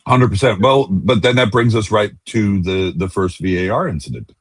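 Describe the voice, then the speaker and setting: A man co-hosting a football podcast in casual chat, talking haltingly with frequent restarts and repeated words. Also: on the low side, husky, no echo. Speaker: podcast co-host.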